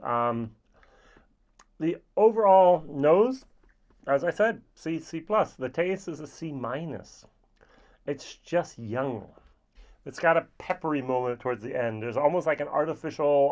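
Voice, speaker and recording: A man's voice: medium pitch, a little mellow. Chatty European man reviewing whiskey. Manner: chatty, with playful asides. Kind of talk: casual spoken review.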